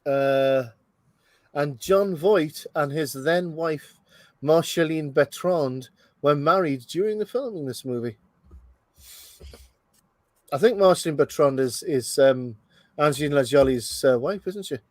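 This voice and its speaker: A man's voice: a little high, measured pace, long pauses, no room sound. A man hosting a casual movie commentary, thinking aloud with lots of fillers and restarts. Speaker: host.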